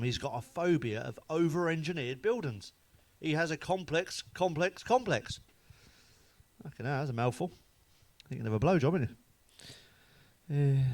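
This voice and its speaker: A man runs through a string of crude jokes to camera, swearing freely. His voice sits at an ordinary middle pitch, and he chuckles at his own punchlines. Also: no echo. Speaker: comedian.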